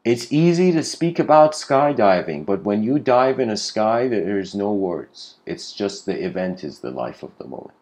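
A man's voice: lowish voice, big pitch swings, moderate pace, hardly any pauses, a little mellow. A man giving an improvised spiritual lecture, rambling with frequent restarts and casual asides. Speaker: spiritual speaker.

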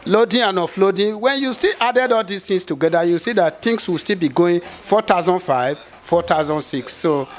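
Male guest, fairly high voice, hesitant and full of fillers. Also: animated, moderate pace, few pauses. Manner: hesitant, many fillers and restarts. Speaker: cement trade guest. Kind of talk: explaining in an interview.

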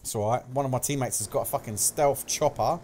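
A young man commentating live gameplay, swearing often and yelling at kills and deaths, with a slight cough. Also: medium pitch, brisk, slight background noise. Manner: excitable, swears a lot, shouts at game events. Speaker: gaming commentator.

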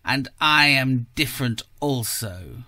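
An aging noblewoman, proud yet wistful and bitter, laments in a plaintive, dramatic way, as a man reads her lines. The delivery is unhurried. The sound is dry and close. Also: medium pitch, animated, sharp tone, dry recording, exaggerated voice.

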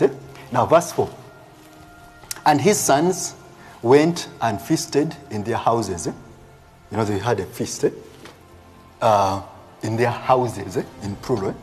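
Man, live sermon, lively swooping pitch, constant "eh?" tags, faint music underneath. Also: slow, pauses often. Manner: animated preaching with frequent "eh?" tags and laughs; reads scripture aloud and then explains it. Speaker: prophet preaching.

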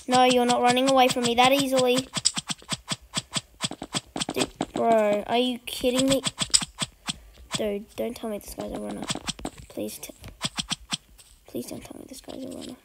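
Woman, gaming host, chatty and excitable, higher voice, noisy recording with audible clicks. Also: measured pace, long pauses. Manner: chatty and excitable, urging opponents on. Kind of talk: casual gameplay commentary.

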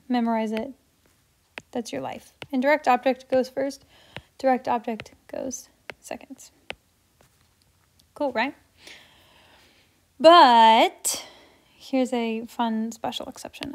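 A woman teaching a grammar lesson in an upbeat, playful way, dropping to soft asides while she writes. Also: fairly high pitch, vocal fry, slight background noise. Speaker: Spanish teacher.

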